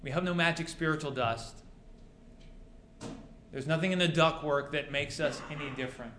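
A man's voice: on the high side, normal speed, pushed and bright, slight background noise. A male pastor preaching a sermon to his congregation, mixing rhetorical questions with dry humor. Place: church sanctuary. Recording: roomy church echo.

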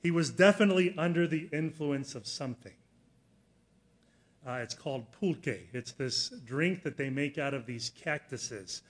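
Earnest middle-aged male preacher, slightly high. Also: normal speed. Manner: earnest storytelling, rising to loud emphasis. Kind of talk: sermon with personal story.

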